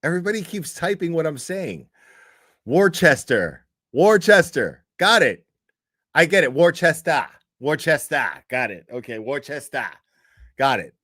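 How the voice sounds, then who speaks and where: Animated man reacting to live chat. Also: on the high side, normal speed, no echo, clean studio sound. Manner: animated, swearing, repeating words for chat. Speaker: livestream host. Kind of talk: casual reaction commentary.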